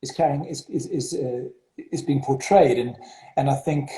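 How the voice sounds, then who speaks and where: South African headmaster with a mellow voice. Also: male voice, medium pitch, normal speed. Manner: hesitant, many fillers and restarts. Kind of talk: interview over video call. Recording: roomy echo.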